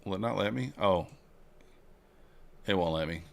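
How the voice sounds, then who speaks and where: A man hosting a casual trading livestream, chatting with viewers and reading their messages in a relaxed way. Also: low-pitched, moderate pace, vocal fry.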